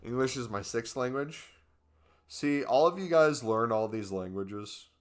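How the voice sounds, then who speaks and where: A man's voice: mid-range voice, unhurried. A young American man chatting casually on his gaming live stream, joking and reading out questions from chat. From United States. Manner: chatty, jokey, reads chat aloud.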